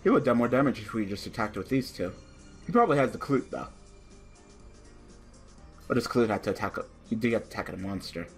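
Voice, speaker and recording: Swearing young man ranting over a card game. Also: mid-range voice. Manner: frustrated ranting, heavy swearing, rising to shouts. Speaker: gaming channel host.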